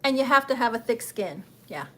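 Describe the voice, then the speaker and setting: A woman's voice: a little high, lively intonation, a little fast. A woman hosting her own travel channel livestream, chatting and encouraging viewers in a casual, upbeat way with frequent laughs. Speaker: travel channel host and travel agent.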